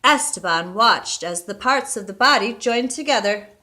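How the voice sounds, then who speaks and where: A woman reading a storybook aloud with steady, expressive narration. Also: medium pitch, normal speed, a little hiss or hum.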